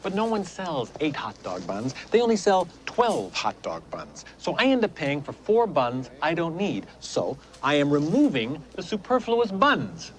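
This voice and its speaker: An indignant, ranting family man in a film comedy scene, high-pitched voice that swings wide. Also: huge pitch swings, unhurried, hardly any pauses. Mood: fed up. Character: furious middle-aged man ranting over hot dog buns. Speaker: film character.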